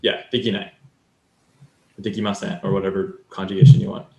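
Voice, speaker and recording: A man's voice: deep voice, level tone, a little fast, darkish tone, reverberant. A man co-hosting a casual podcast, explaining things at length and acting out example lines. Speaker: podcast co-host. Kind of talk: casual chat.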